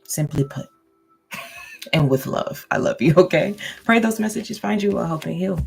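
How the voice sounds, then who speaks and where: A woman's voice: lowish voice, lively intonation, normal speed, vocal fry, a little mellow, breathy edge, soft background music. A woman giving a casual, goofy tarot and astrology reading, laughing often and checking in with listeners. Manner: addresses listeners directly, checking in with "okay?".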